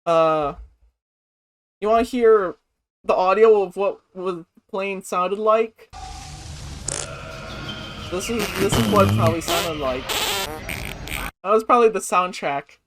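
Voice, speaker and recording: A woman's voice: medium pitch, sing-song, slow pace, pauses often, a little hiss or hum. A woman rambling through a reaction commentary, giggling often and sounding incredulous. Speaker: commentary vlogger.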